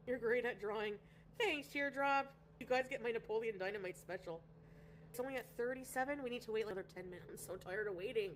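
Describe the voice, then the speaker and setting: A woman's voice: a little high, a little hiss or hum. A woman from Canada chatting casually on a livestream, rambling and greeting viewers by name. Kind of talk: casual livestream chat reading viewer comments.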